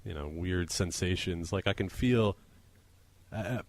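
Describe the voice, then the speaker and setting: A man's voice: deep voice, unhurried, no room sound. A man co-hosting a casual comedy podcast, reading odd news aloud and laughing often. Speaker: podcast co-host.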